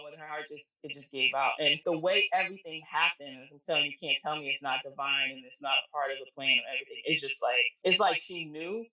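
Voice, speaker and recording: A middle-aged woman telling a personal story as a podcast guest, blunt and emphatic, acting out the voices of people she quotes. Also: low voice. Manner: animated, acts out quoted dialogue, emphatic and blunt. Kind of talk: emotional personal storytelling in casual chat. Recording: echoey room, distant mic.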